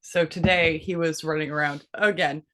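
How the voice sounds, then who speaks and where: A woman in her thirties casually telling a story, swearing freely and putting on a high voice when she quotes someone. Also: normal speed. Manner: profane, animated, quotes her son in a high voice.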